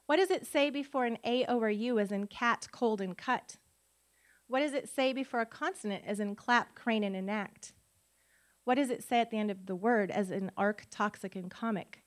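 A woman's voice: fairly high pitch, moderate pace. A middle-aged woman giving a conference talk on phonics, teaching spelling rules by quizzing the audience with rhetorical questions. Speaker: literacy educator and conference speaker. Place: conference room before an audience.

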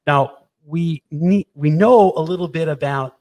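A man's voice: a little high, unhurried. Chatty man explaining a process. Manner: animated, repeats words, playful asides. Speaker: presenter explaining equipment. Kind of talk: casual technical explanation over drawings.

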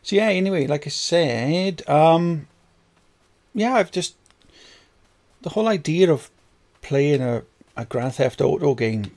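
A man's voice: fairly high pitch, animated, slow, long pauses, darkish tone. A man narrating his own gameplay, swearing constantly and getting frustrated at the game. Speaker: gaming video creator. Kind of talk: let's play commentary.

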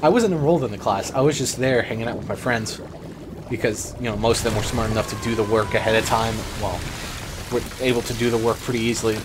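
A young man gives rambling, excitable let's play commentary and swears now and then. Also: medium pitch, fast. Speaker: gamer. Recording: noisy background ambience.

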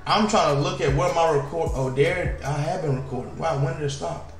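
A man casually commenting while playing a video game, slangy and animated, with sudden loud outbursts. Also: a little high, a little fast, echoey room, soft background music. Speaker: gaming YouTuber.

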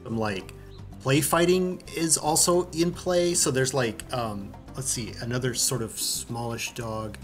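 Male game master narrating a tabletop game, halting delivery, soft music under. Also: mid-range voice. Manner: halting, searching for words.

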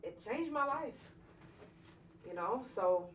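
A woman's voice: fairly high pitch, lively intonation, takes it slowly, a bit bright, distant mic. A woman podcast host tells a personal story to her livestream viewers in a blunt, profane, emotionally charged way. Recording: echoey room, voice off-mic, faint noise.

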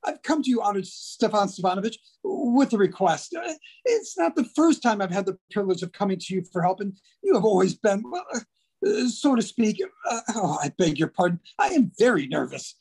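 A man plays a jittery thirty-something suitor who stammers and trips over his words. His voice is gravelly and husky and swings widely in pitch, with faint music behind. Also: big pitch swings, a little fast, darkish tone, heavily acted. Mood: nervous. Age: 30s. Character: nervous anxious 35-year-old suitor. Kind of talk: amateur stage acting over video.

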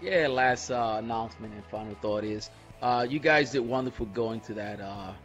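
A man's voice: medium pitch, normal speed, a bit bright, dull audio, faint music behind. A man speaking on a radio roundtable, earnest and hesitant as he encourages other listeners. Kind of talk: casual roundtable radio chat.

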